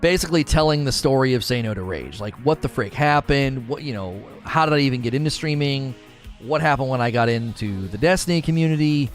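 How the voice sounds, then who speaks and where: A man's voice: medium pitch, expressive, fairly quick, faint music behind. A man in his thirties chatting casually on a live stream as the streamer, rambling with many fillers and restarts.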